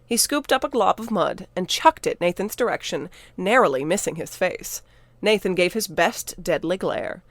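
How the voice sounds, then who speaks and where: A woman narrating her own audiobook in a steady, even storytelling manner. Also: on the low side, normal speed, no echo. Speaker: narrator and author.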